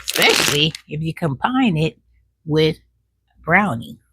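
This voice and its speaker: A woman's voice: sits low, very animated, bright, forceful tone, breathy edge, no echo. A woman doing a snack taste test in a casual, folksy chat, talking while she chews and humming over the food. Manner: talks while chewing, savoring with drawn-out hums; folksy, says "child" as an aside.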